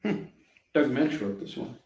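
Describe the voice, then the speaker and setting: A man hosting a casual live shopping stream, pitching comic books with rambling jokes and laughing at himself. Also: very animated, unhurried, creaky, darkish tone, reverberant, highs cut off, slight background noise. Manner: jokey, rambling, laughs at his own jokes.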